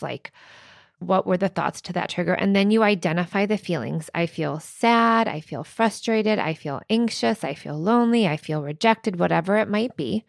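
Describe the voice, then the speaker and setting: A woman's voice: medium pitch, vocal fry, no echo, studio quality. A woman therapist co-hosting a podcast, explaining a technique in casual chat, peppered with "like" and "right?". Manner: conversational, frequent "like" and "right?", laughs lightly.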